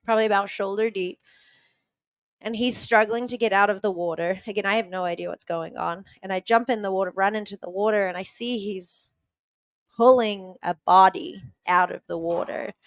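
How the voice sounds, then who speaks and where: A woman's voice: mid-range voice, normal speed, dry recording. A woman guest on a podcast vividly retelling a story, with lots of "like" fillers. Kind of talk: conversational storytelling.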